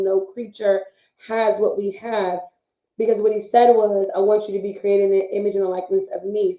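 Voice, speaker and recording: Woman, motivational co-host, earnest and repetitive, thin phone-like sound in a roomy space. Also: medium pitch. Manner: earnest, preachy, fond of repetition and "like". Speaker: co-host of a live business talk show. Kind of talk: casual motivational talk. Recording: phone-like livestream audio in an echoey room.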